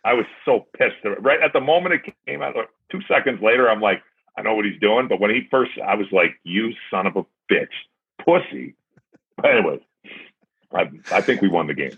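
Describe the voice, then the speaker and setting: A former hockey player chats as a guest, telling a story with lively reenactment. His voice sits low with a husky edge. The sound is thin and phone-like. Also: fairly quick. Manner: animated, acts out his own past remarks. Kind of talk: casual storytelling.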